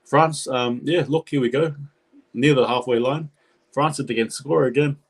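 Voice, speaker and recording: A man's voice: mid-range voice, normal speed, husky. A man giving chatty live reaction commentary on a rugby league match, talking to his viewers. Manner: chatty, excitable, talks to viewers.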